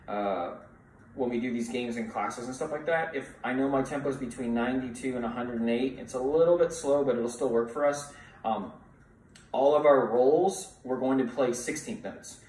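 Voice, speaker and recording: A man's voice: mid-range voice, a little mellow, distant mic, slight background noise. A male music teacher giving a snare drum lesson, counting rhythms aloud and encouraging students to play along. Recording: roomy echo, voice from off the mic.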